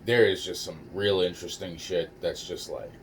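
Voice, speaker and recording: Man, lowish voice, calm storyteller, swears a lot, restarts sentences constantly. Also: normal speed, a little hiss or hum. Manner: rambling, profane, frequent restarts and stammers; calm, low-key delivery. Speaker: storyteller recounting a personal ordeal. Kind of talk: casual spoken recollection.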